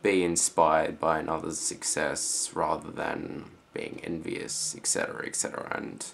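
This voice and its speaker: A teenage boy with an Australian accent, rambling casually in a vlog reply with lots of fillers and quiet trailing-off phrases. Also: extremely low pitch, level tone, a little slow, gravelly, a little hiss or hum. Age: teens. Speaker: student vlogger.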